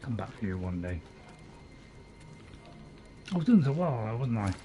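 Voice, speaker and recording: A man with a fairly low, warm voice and a sing-song lilt talks at a moderate pace while casually commentating on his own game playthrough. He's chatty and self-mocking, joking at his own expense and trying out silly voices in this relaxed let's play.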